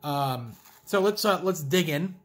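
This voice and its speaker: A man's voice: on the high side, lively intonation, unhurried, fairly bright tone, slight background noise. A man reviewing potato chips in a casual vlog, ranting sarcastically, swearing and restarting his sentences. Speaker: food reviewer. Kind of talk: casual vlog taste test.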